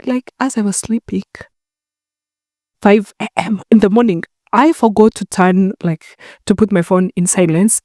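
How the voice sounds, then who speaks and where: A woman's voice: mid-range voice, warm tone, no echo, clean studio sound. A young woman from Rwanda hosting a solo podcast, chatting in a rambling way while talking to a camera. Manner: chatty, rambling, acts out phone calls. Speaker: podcast host. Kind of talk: casual solo podcast chat.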